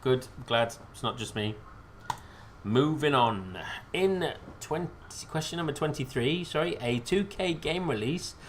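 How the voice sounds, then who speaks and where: A man's voice: fairly high pitch, expressive, a little slow, slight background noise. A British man hosting a casual live quiz stream, rambling and joking at his own expense. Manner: rambling, self-deprecating, joking. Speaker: quiz host.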